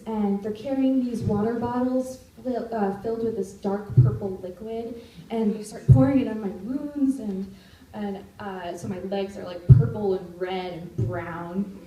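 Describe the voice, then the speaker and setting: A young woman in her twenties telling a personal story at a live storytelling event, animated and now and then shouting out quoted lines. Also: on the high side, measured pace. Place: stage in a live venue. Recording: roomy live recording from far off.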